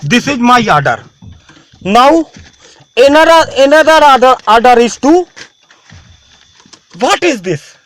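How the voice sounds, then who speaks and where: Guy, super high voice, rambles, keeps repeating himself. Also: sing-song, a bit bright, no room sound. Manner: halting, repetitive, restarts phrases. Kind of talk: rambling talk to camera.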